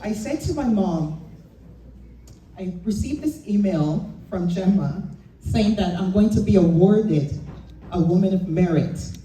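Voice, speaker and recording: Unhurried woman giving a speech in an echoey hall. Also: medium pitch, animated, dark tone, slight background noise. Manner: grateful, heartfelt and measured. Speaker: award recipient giving acceptance speech. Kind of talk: acceptance speech. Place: event hall. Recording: echoey hall, distant mic, faint ambience.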